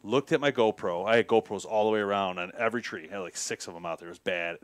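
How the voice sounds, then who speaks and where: American guy rattling off a hunting story on a podcast, fast and lively, dry close mic. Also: fairly low pitch, no room sound. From United States. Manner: animated, laughing, acts out voices in his tale. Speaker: podcast guest, outdoor chef. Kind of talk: casual storytelling chat.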